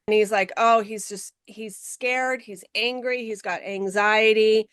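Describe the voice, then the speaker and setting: A woman guest on a podcast interview, telling stories in an animated way and acting out the people she quotes, speaking from her office. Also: medium pitch, unhurried, hardly any pauses, clear, resonant tone, no echo, clean studio sound. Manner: animated storytelling, acts out quoted voices.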